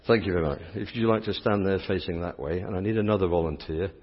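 English priest, middle-aged, teasing the congregation, dull lo-fi recording with a long church echo. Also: male voice, low-pitched, quick pace. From England. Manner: playful, teasing, chatty with the congregation. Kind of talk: interactive sermon with volunteers.

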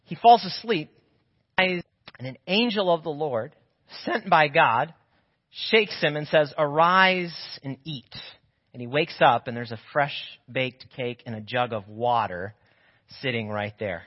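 A man preaching a sermon as pastor, telling a Bible story with animated, acted-out voices. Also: mid-range voice, measured pace. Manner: animated storytelling, acts out biblical figures' voices. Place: church sanctuary. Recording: muffled audio in a reverberant church.

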